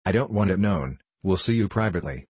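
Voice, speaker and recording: A man voicing a daring male speculator who speaks in a hushed, eager way in an audiobook. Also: low voice, expressive, fairly quick, slightly rough, no echo. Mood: secretive.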